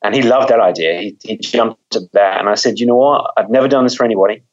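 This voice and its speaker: A man with a lowish voice, talking as a guest author. He is thoughtful and loose, and he often restarts his words. The audio is dull and lo-fi. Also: quick pace. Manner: thoughtful, repeats words while thinking. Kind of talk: conversational interview.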